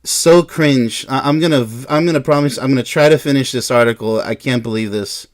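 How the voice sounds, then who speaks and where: A man's voice: mid-range voice, brisk. A man giving a sarcastic, exasperated reaction commentary while reading an article aloud, with frequent incredulous exclamations. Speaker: relationship commentator.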